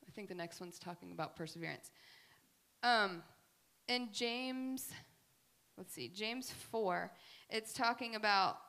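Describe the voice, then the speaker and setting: A woman giving a faith talk, telling family stories in an animated, chatty way with many fillers. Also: medium pitch, measured pace, pauses often. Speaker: speaker at a faith gathering.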